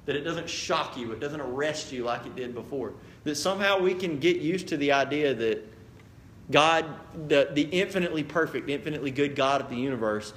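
A man preaching as the pastor of a church, earnest and direct, dropping quiet then building to emphatic appeals. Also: medium pitch. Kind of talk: sermon. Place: church sanctuary.

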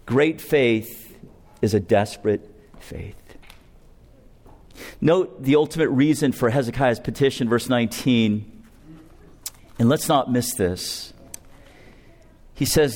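A male pastor preaching a sermon with an emphatic, deliberate expository delivery. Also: mid-range voice, darkish tone.

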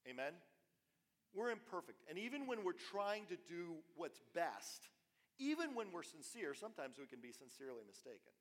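A man preaching a sermon as pastor, animated and repetitive, dropping suddenly soft between louder phrases. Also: fairly high pitch, moderate pace. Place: church. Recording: long reverb of a church hall.

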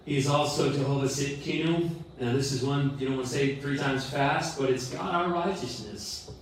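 A middle-aged man preaching a sermon as a pastor, earnest and animated, with self-deprecating humor. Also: mid-range voice, moderate pace, a little hiss or hum. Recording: roomy echo from far off the mic.

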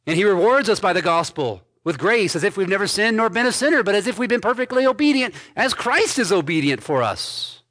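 A man pastor preaching an expository sermon, reading scripture aloud and commenting on it with emphatic stresses and quiet endings. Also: sits high, sing-song, a little fast, hardly any pauses. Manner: emphatic preaching, swinging between loud stresses and dropped soft endings.

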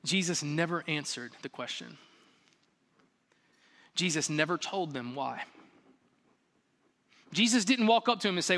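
A man preaching a lively sermon, throwing rhetorical questions at his listeners and slipping into playful acted-out quotes. His voice sits high and rings bright and forceful. The sound carries a long reverb from a big church hall. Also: a little slow, long pauses. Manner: animated, rhetorical questions, acts out quotes with humor. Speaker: pastor.

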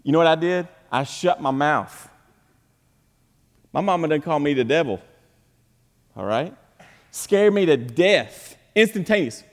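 High-voiced preacher man in a reverberant hall. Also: animated, measured pace, pauses often. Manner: swings between loud emphatic preaching and quiet, low asides. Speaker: pastor. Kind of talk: sermon. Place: church sanctuary.

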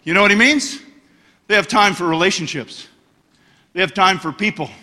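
A middle-aged man preaching a passionate sermon as a guest speaker, telling stories and swinging to loud bursts. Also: high-pitched, moderate pace. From United States. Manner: passionate, storytelling, bursts of shouting. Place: church hall. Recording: church hall reverb.

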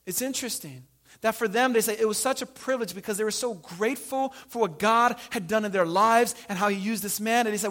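A man preaching a sermon, casual and animated, telling stories and acting out the people in them. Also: sits high, a little fast. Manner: casual, animated storytelling with acted asides. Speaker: pastor.

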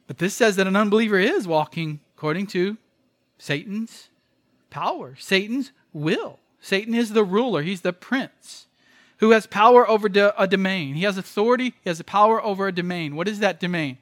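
A man's voice: sits high, moderate pace, no room sound, clean studio sound. A man preaching a sermon as pastor, emphatic, repeating phrases and asking rhetorical questions.

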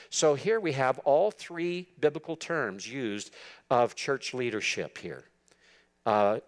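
A man giving an expository sermon to church leaders, earnest and emphatic, repeating words for stress. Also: medium pitch. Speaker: preacher teaching church leaders.

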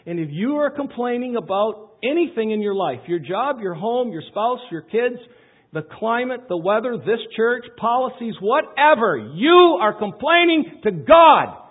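A pastor preaching a sermon, swinging from loud pleading questions to quiet asides. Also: male voice, sits high, animated, moderate pace, husky. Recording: tinny phone-like sound.

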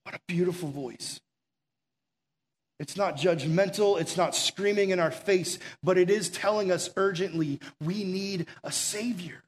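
In a high voice that's unhurried with few pauses, a young pastor delivers an urgent, earnest sermon. He tells stories in a conversational way, using fillers and dropping into hushed, intimate passages.

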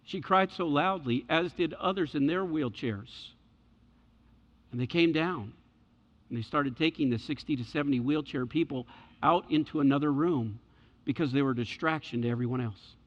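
A man preaching a sermon and telling a story, swinging between loud passages and hushed ones. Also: fairly high pitch, normal speed. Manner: dramatic shifts between loud and hushed delivery. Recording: echoey hall, dull lo-fi sound.

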